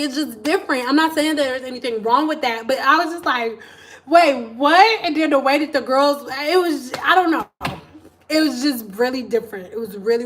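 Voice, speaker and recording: A woman with a Detroit accent telling a story to her live-stream viewers in a casual, animated way, laughing often and acting out the voices of people she quotes. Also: sits high.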